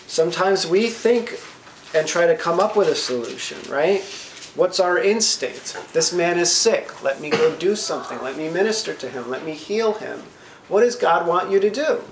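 A man's slightly raised voice fills a roomy church hall as he preaches. He reads scripture with slow emphasis, then breaks it down plainly, checking in with the room over and over. Faint ambience hangs under the echo. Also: fairly high pitch, slight background noise. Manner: asks the congregation questions, frequent "right?". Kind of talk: sermon with scripture reading.

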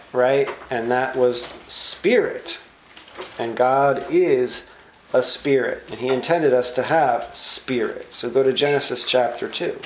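A man's voice: mid-range voice, slight background noise. Man teaching scripture in an echoey room. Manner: emphatic, quizzes listeners with questions. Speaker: Bible teacher. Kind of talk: sermon-style Bible study.

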